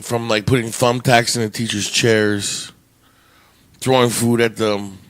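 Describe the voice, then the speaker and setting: A man's voice: on the low side, flat delivery, measured pace, fairly bright tone, dry recording. A man co-hosting a podcast, telling a long rambling story in casual, profane chat with frequent laughs. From Canada. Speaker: podcast co-host.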